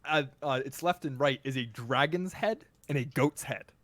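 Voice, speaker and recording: A man's voice: medium pitch, moderate pace, fairly bright tone, dry recording. Laid-back man running a tabletop game. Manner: laid-back, filler-heavy narration with frequent laughs. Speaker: game master.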